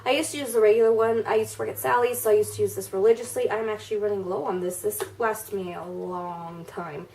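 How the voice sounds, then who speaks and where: A woman's voice: medium pitch, steady tone, quick pace, hardly any pauses, darkish tone. Stuffy-nosed woman chatting at a distance. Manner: chatty, rambling with fillers and restarts. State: stuffy, nasal from a cold. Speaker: beauty vlogger. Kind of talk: casual get-ready-with-me chat.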